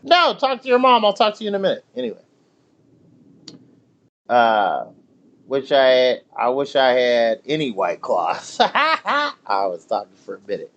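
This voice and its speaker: A young man telling stories during a casual live stream with loud slangy banter, drinking while he talks at home. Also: medium pitch, huge pitch swings, a little slow, pauses often, lo-fi sound. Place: home, near the grill.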